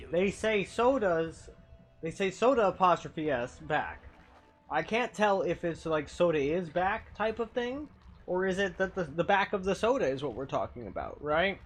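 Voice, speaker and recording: A man streaming a game and chatting casually, swinging between mumbling and loud, swearing exclamations. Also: high voice.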